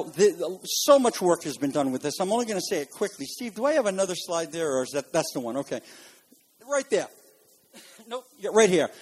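A man teaching a Bible lesson as a sermon, talking fast and rising with emphasis. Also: high-pitched.

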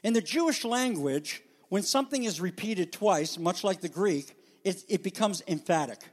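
A man preaching a sermon as pastor, with animated, dramatic emphasis, speaking to a congregation. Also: sits high, moderate pace. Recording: long hall reverb.

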